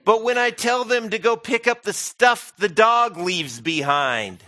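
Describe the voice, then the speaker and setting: A man preaching a sermon as pastor, animated and humorous, acting out quoted voices. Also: sits high, measured pace, dry recording.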